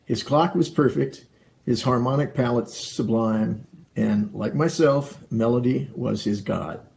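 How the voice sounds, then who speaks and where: Gravelly guy with a dark low voice reading a tribute, slow and formal. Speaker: musician giving a tribute. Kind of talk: read tribute.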